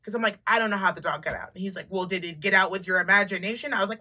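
Bright-voiced woman telling stories. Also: medium pitch, racing, hardly any pauses. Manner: animated storyteller, swears freely, acts out quotes. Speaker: podcast co-host. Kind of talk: casual chat.

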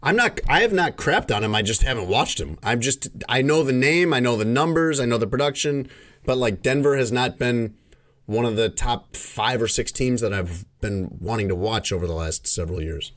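A man's voice: medium pitch, animated, normal speed, fairly bright tone. A man hosting a sports podcast, ribbing his co-hosts with wry humor. His mid-range voice moves expressively up and down. The talk is loose and casual. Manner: wry, teasing. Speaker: podcast host.

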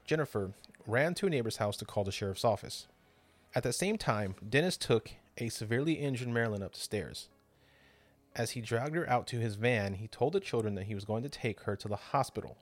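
A man's voice: fairly low pitch, no room sound. A man hosting a podcast, narrating a true crime story with drama and casual swearing. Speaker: podcast host.

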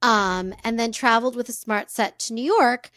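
A woman co-hosting a podcast, telling a story in relaxed casual chat with frequent fillers. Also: a little high, moderate pace, no echo, studio quality.

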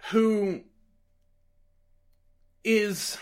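Casting: male podcast host, high voice, rambling and animated, casual film talk. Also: very slow. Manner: rambling, animated, restarts often. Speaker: podcast host reviewing films. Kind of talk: casual chat.

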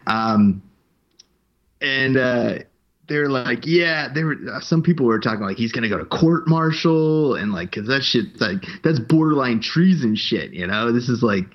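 A man's voice: medium pitch, animated, moderate pace, muffled recording. A man casually telling a rambling, profane story, raising his voice to act out what others said. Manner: rambling, profane, acts out quotes in a raised voice.

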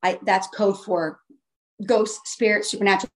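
A woman's voice: medium pitch, fairly even intonation, moderate pace. A woman telling her own story in a casual, earnest way, often restarting her phrases for emphasis. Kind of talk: casual first-person storytelling.

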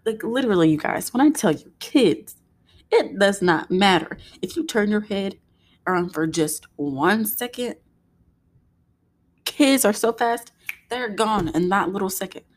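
A young adult woman, a mother, telling a story in a casual, animated way and acting out what people said. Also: medium pitch. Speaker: vlogger, mother.

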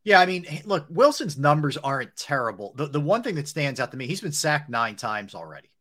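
A man's voice: on the high side, very animated, a little fast, background noise. A man co-hosting a sports talk show, talking conversationally and reeling off player stats with plenty of "you know" and "um". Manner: conversational, rattles off stats, many fillers. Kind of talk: casual sports radio chat.

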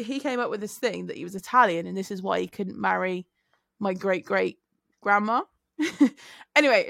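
A woman's voice: fairly high pitch, creaky, fairly bright tone, dry recording, clean studio sound. A woman co-hosting a casual podcast, telling stories with tag questions and frequent laughs. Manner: chatty storyteller, laughs often, trailing tag questions. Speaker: podcast co-host. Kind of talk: casual chat.

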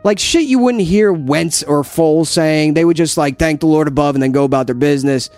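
A man with a thick New Jersey accent, pitched fairly high, hosting a loose podcast. He talks in animated, jokey, profane banter, with faint music behind him. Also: a little fast, no room sound. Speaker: podcast host. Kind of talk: casual chat.

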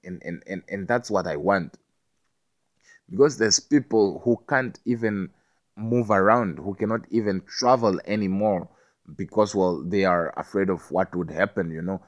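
A man with a fairly low voice delivers a loose, rambling monologue. He stammers and repeats words, swears freely and keeps asking whether you understand him. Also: moderate pace, dull audio.

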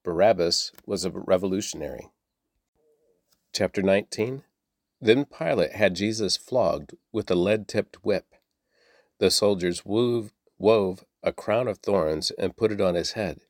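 A man reading scripture aloud in a very low voice. He keeps a steady pace, now and then repeating a word or correcting himself, and the sound is dry and close. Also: unhurried, no room sound. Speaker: Bible reader.

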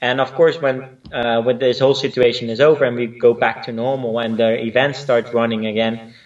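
A man's voice: mid-range voice, little pitch movement, brisk, distant mic, lo-fi sound. A man born in Spain who speaks with a mixed Spanish and Dutch accent, a choreographer chatting as a guest, often searching for words with fillers. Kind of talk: casual interview chat.

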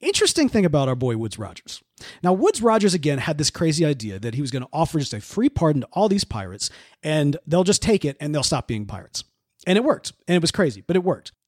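Man, podcast host, casual storytelling, lively swinging pitch, slightly high voice, dry close mic. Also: quick pace, no room sound. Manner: animated, jokey, acts out characters.

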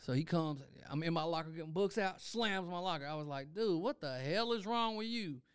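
Animated storytelling man, smooth voice. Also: on the high side, fairly quick, no room sound, clean studio sound. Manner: animated storyteller, acts out quotes, swears freely. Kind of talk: casual storytelling chat.

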